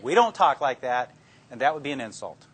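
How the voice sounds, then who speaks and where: An older man talks to law students in a lecture room, drawing on his years as a police detective. His voice is at an ordinary middle pitch and his manner is plainspoken and folksy. He slips into his own interrogation-room lines as he goes. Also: big pitch swings, brisk, breathy edge. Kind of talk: anecdotal talk to an audience.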